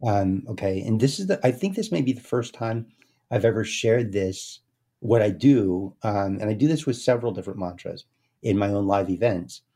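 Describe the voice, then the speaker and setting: A man speaking as an interview guest in a slow, meditative way, often trailing into soft, quiet chanting. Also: fairly low pitch, slightly rough. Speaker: guest, speaker and success coach. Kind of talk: casual interview talk.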